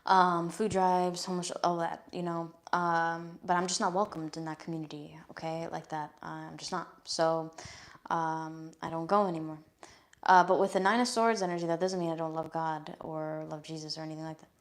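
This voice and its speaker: A woman's voice: lowish voice, level tone, normal speed. A young woman giving a casual live-stream tarot reading, chatty and frank, often swearing and checking in with "okay?". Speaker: tarot reader.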